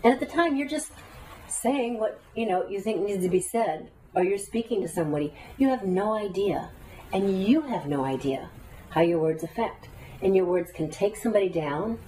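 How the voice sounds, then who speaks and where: Woman teacher, low and mellow, heard from afar. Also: distant mic, a little hiss or hum, rough recording. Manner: earnest, talkative, guides breathing exercises. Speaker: meditation teacher. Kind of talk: spoken teaching to a class.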